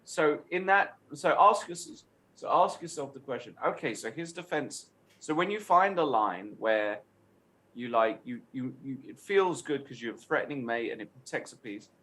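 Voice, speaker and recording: A man's voice: medium pitch, normal speed, fairly bright tone. Man coaching chess tactics. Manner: explains step by step, often checks in with "right?".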